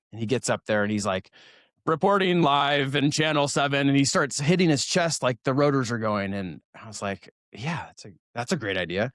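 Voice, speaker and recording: A man's voice: on the low side, fairly bright tone, no echo, clean studio sound. A man in his forties from Oregon, telling stories from his school years as an interview guest, joking at his own expense and laughing as he talks. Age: 40s. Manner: self-deprecating, laughs while telling stories. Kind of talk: casual storytelling interview.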